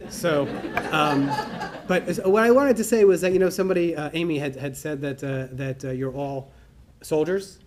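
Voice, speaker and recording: A middle-aged man telling a personal story to a conference audience, acting out the dialogue in an animated way. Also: fairly high pitch, normal speed. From New York. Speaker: conference speaker. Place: conference hall.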